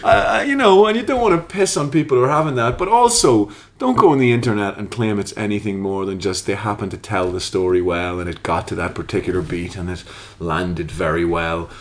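A man's voice: lowish voice, a little fast, hardly any pauses. A young Irish man chatting casually on a podcast, swearing freely and throwing in mock-dramatic asides. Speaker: podcast co-host, stage actor. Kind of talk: casual chat.

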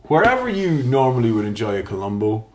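A man's voice: medium pitch, sing-song, a little fast, darkish tone. A man in casual podcast chat, rambling, swearing and laughing often.

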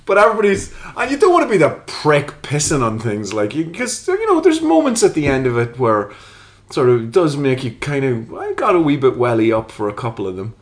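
A man's voice: mid-range voice, a little fast. Irish guy on a podcast, voice jumps all over the place, swears a lot, lots of jokey asides. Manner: animated, sweary, mock-dramatic asides. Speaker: podcast co-host, stage actor. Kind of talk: casual chat.

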